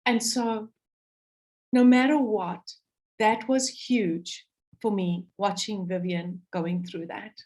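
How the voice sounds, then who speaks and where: A woman's voice: mid-range voice, a little mellow. A South African woman speaking on a video call, telling a heartfelt story with passion and acting out what people said. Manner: impassioned, voice swings up and down, acts out quotes. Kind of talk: emotional storytelling to a call audience.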